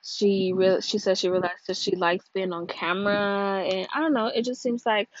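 A young woman from California talks loosely through a solo gossip podcast, high and drowsy, cursing as she rambles. Her voice jumps from loud to a low mumble. The recording is dry and a little dull. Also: fairly even intonation, moderate pace, hardly any pauses, no echo. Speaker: podcast host. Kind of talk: casual gossip podcast monologue.

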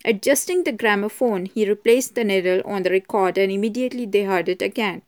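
A woman narrating a mystery novel as an audiobook in a measured, even manner. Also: medium pitch. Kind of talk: audiobook reading.

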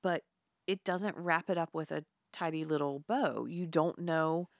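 Speaking a little slowly in a low-pitched voice, a woman co-hosts a laid-back podcast chat where she recaps a film, with laughter and casual cursing. The audio is clean studio quality with no room sound.

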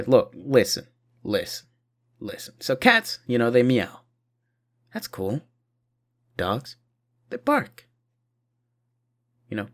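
A tired man rambling profanely through a casual video monologue, short on sleep. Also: mid-range voice. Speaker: vlogger.

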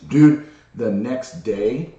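A man candidly telling a personal story in casual podcast chat, animated and full of restarts. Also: mid-range voice, drawn-out words, reverberant, distant mic, highs cut off, a loud crowd. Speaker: podcast co-host.

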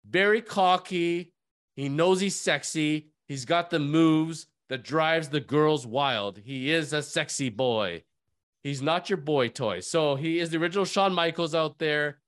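A man hosting a podcast, telling a story in a lively way and acting out the people in it. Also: on the high side, a little slow. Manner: animated, acts out voices in his stories. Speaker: podcast host. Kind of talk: storytelling chat.

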